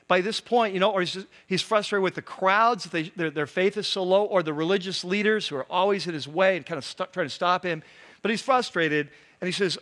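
Male pastor, high voice, casual talky sermon delivery. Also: brisk, a bit bright. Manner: conversational preaching with many asides and "right?".

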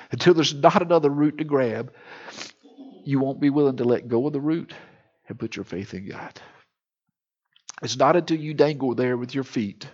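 A male pastor preaching a sermon with passion, swinging from hushed to loud. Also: medium pitch, breathy edge, muffled recording.

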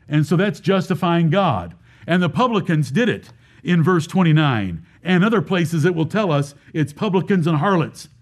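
A man's voice: fairly high pitch, animated, normal speed. A man preaching a sermon as pastor, emphatic, repeating lines and asking rhetorical questions.

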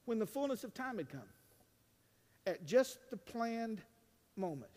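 Male pastor, high tenor, dynamic preaching with humor, church reverb tail. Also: sing-song, a little slow. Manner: dynamic preaching, swings from hushed to loud, joking asides. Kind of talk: sermon. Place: church sanctuary. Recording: long reverb of a large church.

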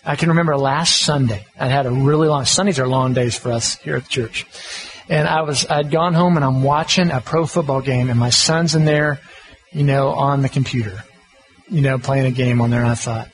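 A man's voice: mid-range voice, poor audio. A middle-aged man, giving a folksy, conversational sermon on parenting as a pastor. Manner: folksy, conversational, self-deprecating.

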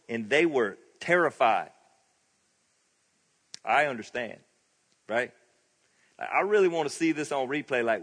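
A man's voice: a little high, a bit bright. A male pastor preaching a sermon in a conversational, storytelling way, with frequent laughs. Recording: long reverb of a large hall.

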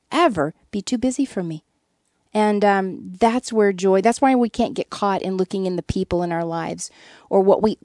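A woman speaks as a guest in a radio interview, earnest and candid, with a touch of self-deprecating humor. Her voice is mellow and warm at a medium pitch. The sound is dry and close, with no room behind it. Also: no echo. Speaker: guest, author.

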